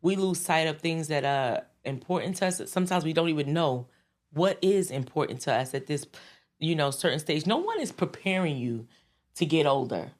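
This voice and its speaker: Low-voiced New York woman, chatty. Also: moderate pace. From the Bronx, New York. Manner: animated and laughing, with many restarts and fillers. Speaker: guest recording artist. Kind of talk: casual interview chat.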